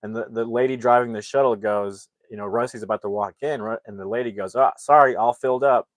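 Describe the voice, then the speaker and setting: Man, casual movie recap, rambling, lowish voice, dry recording. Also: fairly even intonation, fast, no room sound. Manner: rambling, acts out character lines while retelling. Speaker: movie reviewer.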